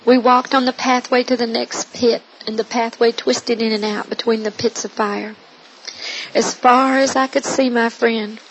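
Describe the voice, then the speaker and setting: A woman's voice: a little high, a little hiss or hum, low-quality recording. A woman earnestly reading her own first-person testimony in a solemn manner. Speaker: narrator.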